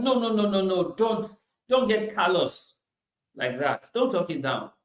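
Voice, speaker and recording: Male motivational speaker, high-pitched and emphatic, in a roomy space. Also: animated, unhurried. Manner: emphatic, repeats phrases, swings between loud bursts and quiet asides. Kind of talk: motivational talk.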